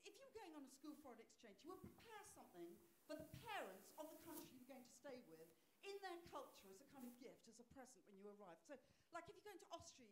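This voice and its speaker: A woman comedian telling an animated, jokey story on stage at a live comedy venue. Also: on the high side. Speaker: stand-up comedian. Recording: echoey room with noise.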